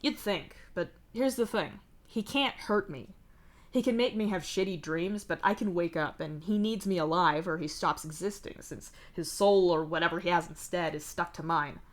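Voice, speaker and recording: A woman's voice: fairly low pitch, moderate pace, lightly acted. A woman reading as a sardonic, swearing young man. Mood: bitter. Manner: swearing, deadpan and wry. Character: sardonic, profane young man, blunt and weary. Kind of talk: live fanfic reading. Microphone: streaming mic.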